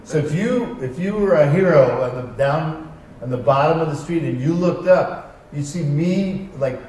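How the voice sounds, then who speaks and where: A man's voice: fairly high pitch, moderate pace. Wry man telling stories in an echoey hall. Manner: wry, animated anecdotes with acted-out dialogue. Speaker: convention panel guest. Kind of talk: storytelling to a live audience. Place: large convention arena stage. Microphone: heard from far off by a camera in the hall. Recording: echoey hall recorded from far off.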